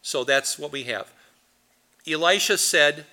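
A middle-aged man, a pastor, leading a Bible study in an animated, rambling storytelling way. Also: fairly high pitch, moderate pace.

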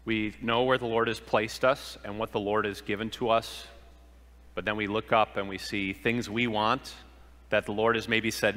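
A man's voice: on the low side, fairly even intonation, normal speed, sharp tone, long reverb tail. A man preaching a sermon, earnest, asking rhetorical questions and acting out the quoted lines. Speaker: pastor.

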